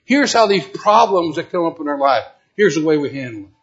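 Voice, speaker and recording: A man's voice: a little high, very animated, fairly quick. A man teaching a Bible lesson as a preacher, emphatic and questioning his listeners directly. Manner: emphatic, rising to loud repeated exhortation; asks the audience questions directly. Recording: dull lo-fi recording.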